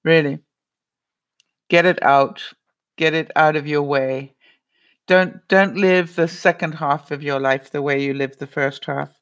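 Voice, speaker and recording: A woman's voice: low-pitched, a little slow, long pauses. A middle-aged woman vlogger giving earnest, casual advice to viewers. She often restarts her sentences and says "you know".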